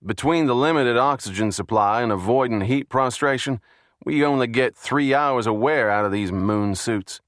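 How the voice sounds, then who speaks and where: A man's voice: medium pitch, moderate pace, dry recording, studio quality, voice pushed up, natural voice. A man reading the lines of a blunt, skeptical male FBI agent in an audiobook. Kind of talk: audiobook character voice.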